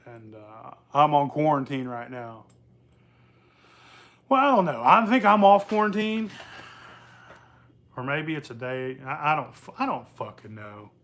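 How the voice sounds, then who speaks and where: Bright-voiced profane man. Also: fairly high pitch, big pitch swings, measured pace, pauses often. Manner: profane, rambling, laughs often. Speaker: moonshine channel host. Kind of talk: casual workshop vlog.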